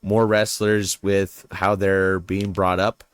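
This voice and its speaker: A man, a wrestler guest on a podcast, talking in a measured way, sometimes searching for words. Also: low voice, flat delivery, clear, resonant tone, no echo. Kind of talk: casual podcast chat.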